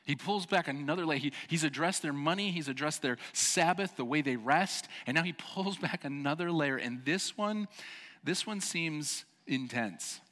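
Animated preacher man in a reverberant church. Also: medium pitch. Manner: animated, jokey, acts out voices of the people he preaches about. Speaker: pastor. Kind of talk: sermon. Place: church sanctuary.

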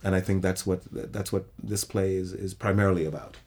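A man's voice: low-pitched, little pitch movement, a little fast, darkish tone. A middle-aged man, a theater director, talking reflectively in an interview and often restarting his sentences. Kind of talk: interview conversation.

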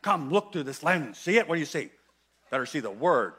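A man preaching a sermon in a church, animated and playful, with emphatic, sudden loud bursts. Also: fairly high pitch, brisk, husky. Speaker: guest preacher.

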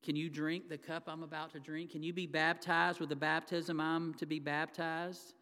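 A man's voice: fairly high pitch, little pitch movement, moderate pace, sharp tone. A man preaching a sermon as pastor, talking conversationally to the congregation and acting out the quoted lines. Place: church sanctuary. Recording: long hall reverb.

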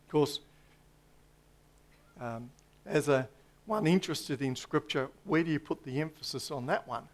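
Slow, high-voiced male preacher. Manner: slow, emphatic preaching with dramatic pauses and drops to a hush. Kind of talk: sermon.

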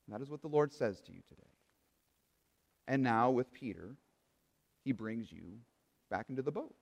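A man's voice: mid-range voice, lively intonation, normal speed, gravelly. Guy preaching in church, earnest and building, voice rings around the big room. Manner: earnest, building emphasis with repetition. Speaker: pastor. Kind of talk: sermon. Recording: reverberant hall.

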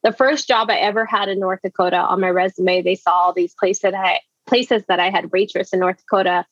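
A woman's voice: mid-range voice, steady tone, a little fast, dry recording, lo-fi sound. A woman from the American South co-hosting a podcast in casual chat, laughing often and swearing casually. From American South, New Orleans. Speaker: podcast co-host.

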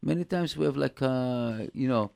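A man with an Israeli accent co-hosting a call-in radio show, halting and searching for words. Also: medium pitch, creaky, a little mellow.

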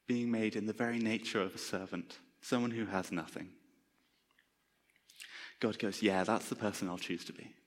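A man preaching a sermon in a relaxed, conversational way, joking with his congregation. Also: mid-range voice. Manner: conversational, self-deprecating humour. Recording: long reverb of a large hall.

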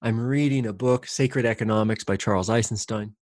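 A man's voice: on the low side, fairly quick, darkish tone, dry recording, studio quality. A man in casual reflective conversation, talking candidly in a rambling way, with many fillers and restarts and casual swearing.

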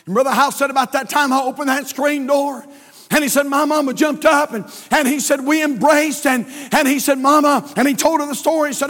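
A man's voice: very high-pitched, a little fast, fairly bright tone. A male pastor preaching a sermon, telling a story in a folksy way and building emphasis through repeated phrases. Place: church sanctuary. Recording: long church hall reverb.

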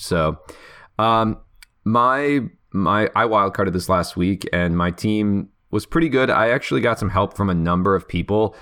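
A man's voice: low voice, a bit bright. A man co-hosting a casual podcast, rambling and teasing his co-host, with many fillers and restarts. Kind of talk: casual podcast chat about fantasy football.

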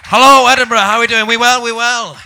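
A man's voice: very high-pitched, steady tone, quick pace, gravelly, sharp tone, slight background noise. A man doing a stand-up set, in a mock-posh, theatrical way that teases the crowd. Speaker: stand-up comedian.

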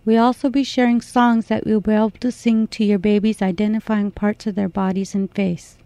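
A woman narrating a language lesson, explaining slowly and carefully. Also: medium pitch, flat delivery, warm tone, dry recording. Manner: slow, measured explanation.

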